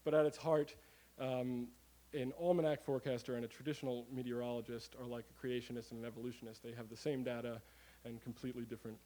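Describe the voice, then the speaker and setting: A man giving a live comic talk to an audience, animated and rambling, with many fillers and the odd curse word. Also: medium pitch, fast talker, few pauses, rough recording. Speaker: comedic presenter.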